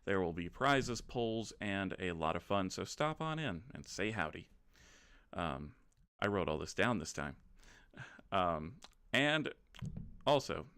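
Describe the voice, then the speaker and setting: A very low-voiced man who hosts and runs the game. He reads out announcements casually, with plenty of ums and loose restarts. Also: a bit bright, clear, resonant tone, dry recording, clean studio sound. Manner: chatty, loose, many ums. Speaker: game master and host.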